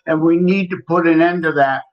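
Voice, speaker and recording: A man's voice: fairly high pitch, steady tone, a little fast. A man co-hosting a podcast, chatting earnestly. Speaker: podcast co-host. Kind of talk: casual chat. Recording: dull lo-fi sound.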